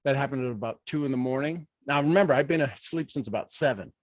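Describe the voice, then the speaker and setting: A man from Ohio giving a motivational talk in an animated, folksy way with playful asides. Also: mid-range voice, fast, dry recording, studio quality. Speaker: motivational speaker.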